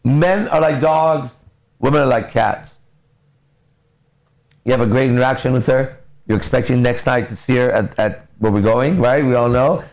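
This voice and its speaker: A man's voice: mid-range voice, moderate pace, pauses often, low-quality recording. A man coaching on relationships in a blunt, profane, casual podcast talk. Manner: blunt, profane, lively storytelling.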